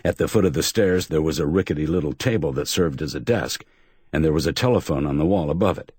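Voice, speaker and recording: A man narrating a hardboiled crime audiobook in a measured storytelling manner. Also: rumbling low, a little mellow, breathy edge, no room sound, clean studio sound. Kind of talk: scripted narration.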